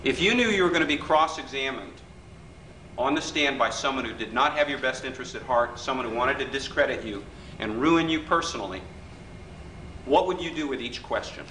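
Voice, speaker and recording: Man, workshop leader, conversational lecture, bright voice, echoey distant room sound. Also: mid-range voice, fairly quick. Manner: conversational, keeps asking the audience for agreement. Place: hotel function room. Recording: echoey room recording from afar, faint hiss.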